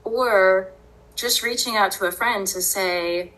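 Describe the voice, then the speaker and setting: Speaking slowly and deliberately, a woman on a podcast shares a personal story in a mid-range voice that is bright and forceful. She remains earnest while frequently laughing, and the recording quality is low.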